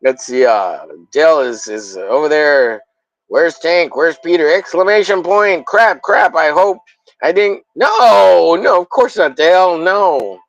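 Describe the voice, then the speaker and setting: A man's voice: a little high, lively intonation, measured pace, no room sound, dull audio. A man hosting a casual drawing livestream, rambling and joking, with profane banter. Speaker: livestream host, comic artist.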